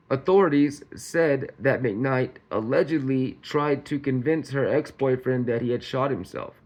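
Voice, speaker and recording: A man's voice: mid-range voice, slow pace, darkish tone. Sarcastic, laughing commentary man. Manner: laughs often, rambling and sarcastic; colloquial, says y'all. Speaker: true-crime commentary host. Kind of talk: casual commentary vlog.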